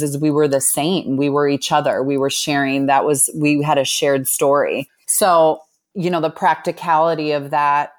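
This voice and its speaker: Low-voiced woman rambling through a personal story, lots of restarts and likes. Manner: reflective, rambling with many restarts. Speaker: guest.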